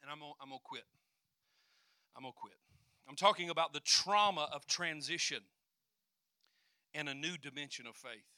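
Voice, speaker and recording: Guy preaching, high bright voice, goes from soft to shouting, dry close sound. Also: normal speed, long pauses, clear, resonant tone, no echo. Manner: swings from quiet to loud, acts out voices. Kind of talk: sermon.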